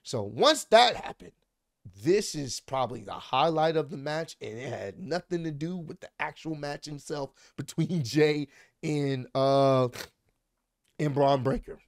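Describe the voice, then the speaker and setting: Excitable young man recapping wrestling. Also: fairly high pitch, unhurried, dry recording, studio quality. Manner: excitable, animated play-by-play with swearing and slang.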